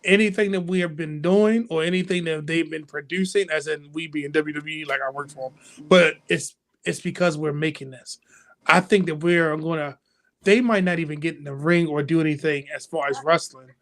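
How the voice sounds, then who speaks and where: A man co-hosting a wrestling talk show, talking in an animated way and acting out fan reactions. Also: on the high side, moderate pace. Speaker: podcast co-host. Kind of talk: casual chat.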